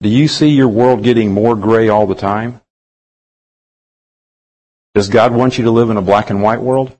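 A man preaching a sermon, reading scripture slowly with drawn-out emphasis and putting many rhetorical questions to his congregation. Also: lowish voice, a little mellow, rough recording.

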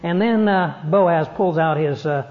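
A man preaching a sermon in an earnest way, slowing down to stress his points. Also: fairly high pitch. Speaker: pastor. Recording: dull lo-fi sermon recording.

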